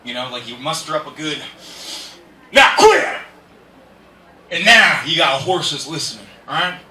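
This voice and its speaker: A man's voice: fairly high pitch, quick pace, sharp tone. A man doing a stand-up comedy set, rambling and laughing at his own jokes, recorded live at an indoor show. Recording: echoey room, distant mic, faint hiss.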